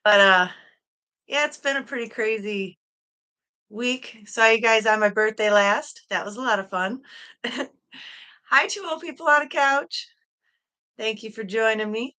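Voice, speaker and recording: A woman's voice: a little high, a little slow, pauses often, sharp tone, clear, resonant tone. A woman from Michigan hosting a casual solo livestream from home, chatty and giggly as she greets viewers by name. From Michigan, USA. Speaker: livestream host. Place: at home, in a room with a quilt hung on the wall.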